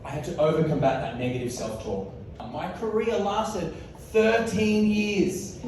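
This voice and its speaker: A man's voice: sits high, measured pace, a little mellow, a little hiss or hum. A man in his forties with an Australian accent giving a playful, comedic keynote talk at a conference, laughing often. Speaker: motivational speaker. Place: large conference hall. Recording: echoey hall from far off.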